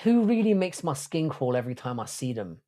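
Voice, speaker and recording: A man's voice: medium pitch, big pitch swings, a little fast, dark tone. A man hosting a casual livestream chat, rambling and swearing, often restarting his sentences. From Ireland. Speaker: podcast host.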